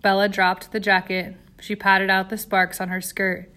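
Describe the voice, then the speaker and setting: A woman's voice: medium pitch, flat delivery, normal speed, pushed and bright. Woman reading a dramatic story aloud. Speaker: narrator. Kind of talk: audiobook narration.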